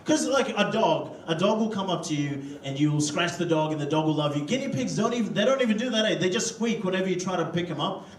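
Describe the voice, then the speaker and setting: A stand-up comedian from Africa, loose and profane, chatting with the crowd in a comedy club. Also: male voice, high-pitched, animated, fast, few pauses. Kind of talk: stand-up routine. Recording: roomy hall, distant mic, crowd laughter. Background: audience laughter.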